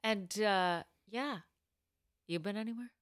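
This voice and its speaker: A woman's voice: medium pitch, slow pace, clean tone, no echo, clean studio sound. A young woman co-hosting a podcast, chatting casually and telling anecdotes with frequent laughter. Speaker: podcast co-host. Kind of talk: casual chat, storytelling.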